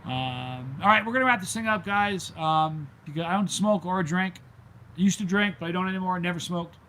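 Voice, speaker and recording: A middle-aged man chats casually to his viewers as a vlog host, rambling through a story with plenty of ums. His voice sits a little high. A faint hiss runs under the recording. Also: normal speed, fairly bright tone, poor audio. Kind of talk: casual livestream chat. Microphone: handheld gimbal camera.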